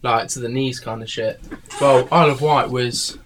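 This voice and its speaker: A man's voice: mid-range voice, fairly even intonation, normal speed, a bit bright, slight background noise. Rambling, tired man telling a story. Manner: rambling storytelling, many fillers and swearing. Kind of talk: casual podcast chat.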